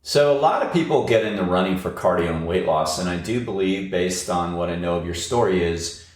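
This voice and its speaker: A man hosting a podcast talks in a chatty, meandering way and stops often on uhs. His voice is very deep, and it carries a clear echo from the room. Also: expressive, brisk. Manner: chatty, rambling, many uhs. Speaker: podcast host and running coach. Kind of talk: podcast interview.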